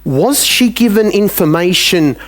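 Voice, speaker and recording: A man with an Australian accent preaches a conversational sermon, his voice sitting a little higher than most men's. He shifts easily into quoted back-and-forth exchanges to make his points. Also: expressive, unhurried. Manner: conversational preaching, acting out dialogues.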